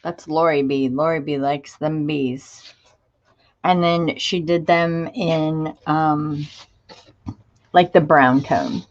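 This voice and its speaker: Heard on a muffled recording, a low-voiced woman hosts a crafting livestream. She chats casually and gushes while greeting viewers by name and showing off craft supplies.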